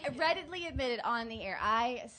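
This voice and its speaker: A woman's voice: a little high, expressive, brisk, a crowd in the background. A woman hosting a radio interview, asking questions in a playful, self-mocking way. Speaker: radio host.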